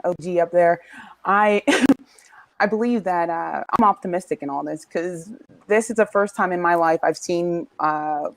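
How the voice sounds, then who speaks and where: Brief: earnest, hesitant woman on a video call, dry and low. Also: no echo, poor audio. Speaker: panelist. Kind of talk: casual panel discussion.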